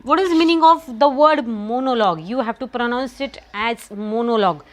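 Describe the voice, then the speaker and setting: A woman's voice: high-pitched, normal speed. Marathi-accented woman teaching a class. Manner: repetitive, asks students questions often. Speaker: school teacher. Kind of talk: classroom English lesson with Marathi explanations.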